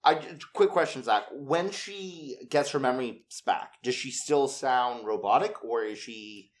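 A man co-hosting a podcast in casual chat, cutting in with quick, joking remarks. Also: medium pitch. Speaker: podcast co-host.

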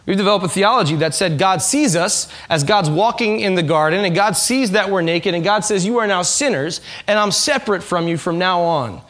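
A man's voice: sits high, lively intonation, brisk, hardly any pauses, fairly bright tone. A man preaching a conversational sermon to a congregation, asking them questions and acting out quoted voices. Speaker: pastor. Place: church in front of a congregation.

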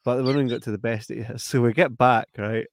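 A man's voice: mid-range voice, fairly even intonation, a little fast, slight background noise. A man in casual chat, telling a story with lots of laughter and repeated "right?" checks.

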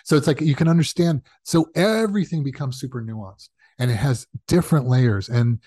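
Animated man telling stories. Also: mid-range voice, moderate pace, husky, no room sound, studio quality. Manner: animated, acts out quoted voices. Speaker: guest, comedy writer. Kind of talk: casual storytelling in conversation.

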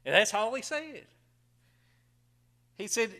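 Folksy preacher man, bright tone. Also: on the high side, expressive, moderate pace. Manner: folksy storytelling, chuckles often, drops to quiet asides. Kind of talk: folksy sermon.

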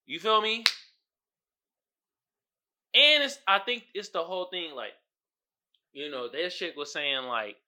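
A man hosting a podcast, ranting in casual commentary, incredulous and animated, breaking into shouts and laughs. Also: high-pitched, measured pace, pauses often. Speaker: podcast host.

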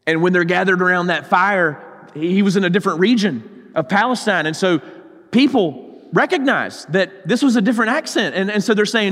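A high-voiced male pastor with a Southern accent delivers a sermon. He drives hard in urgent passages and then sinks to a near-hush. His voice trails off into a long, echoing reverb. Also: animated, moderate pace. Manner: swings between loud urgency and hushed, low intensity.

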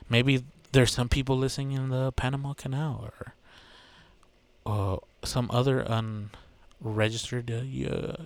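A man's voice: medium pitch, clear, resonant tone, dry recording. A man hosting his own podcast, chatting casually in a loose, rambling way, swearing freely and joking. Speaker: podcast host. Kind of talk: casual solo podcast chat.

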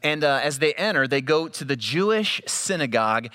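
A man's voice: on the high side, animated, moderate pace, bright, forceful tone, clean tone. A male pastor giving a sermon, telling stories in a conversational, humorous way.

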